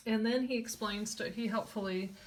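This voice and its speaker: An older woman casually retelling an old comic story in a wry, halting way, with many fillers. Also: mid-range voice, fairly even intonation. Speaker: comic book reviewer.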